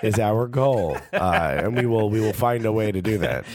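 A man's voice: lowish voice, expressive, brisk, crowd noise. A man co-hosting a soccer podcast in casual chat, joking and sarcastic. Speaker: podcast co-host.

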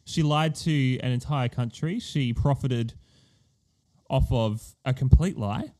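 A man's voice: mid-range voice, takes it slowly, darkish tone. A man co-hosting a podcast, chatting casually with dry, mock-serious banter. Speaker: podcast co-host. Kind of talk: casual chat.

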